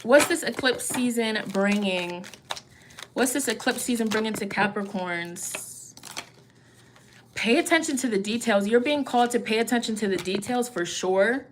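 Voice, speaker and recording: A woman reads tarot in a relaxed livestream style, talking to her viewers directly. Her voice sits a little high, and she is chatty and encouraging. She fills her sentences with friendly asides. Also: normal speed, background noise. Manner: chatty, encouraging, peppered with "you know" and "okay?". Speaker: tarot reader. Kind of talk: casual livestream tarot reading.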